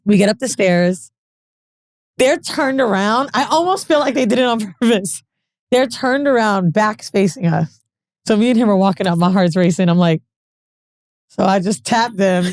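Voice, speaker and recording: A woman co-hosting a podcast, telling a frank, profane story with animated quoted dialogue. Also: mid-range voice, moderate pace, no echo, clean studio sound. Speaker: podcast co-host. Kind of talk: casual storytelling chat.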